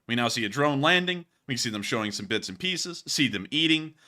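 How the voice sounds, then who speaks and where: A man's voice: medium pitch, animated, fairly quick, bright, forceful tone. A man casually commenting over war footage as host, joking and rambling and laughing at his own slips. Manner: jokey, rambling, laughs at himself.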